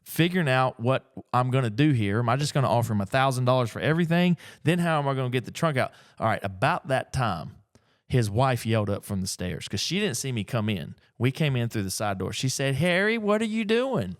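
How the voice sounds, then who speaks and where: A middle-aged man, telling a story in a casual, folksy, animated way as an antiques picker. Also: mid-range voice, a little fast, dry recording, studio quality. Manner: animated, folksy, acts out the people in his stories. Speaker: antiques picker and auction dealer. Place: auction gallery.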